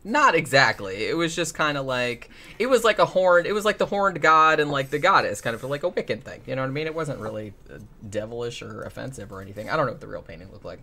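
A man in casual conversation, talking in loose, rambling runs full of fillers. His tone is dry and sarcastic, and he swears freely. His voice sits at an ordinary middle pitch. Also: very animated, quick pace, gravelly, bright, forceful tone. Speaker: podcast host. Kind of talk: casual chat.

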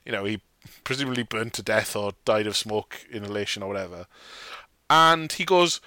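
A man's voice: fairly low pitch, fairly quick, pushed and bright, dry recording. A man co-hosting a podcast, chatting casually about a film in a jokey, rambling way and acting out quotes. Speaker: podcast co-host.

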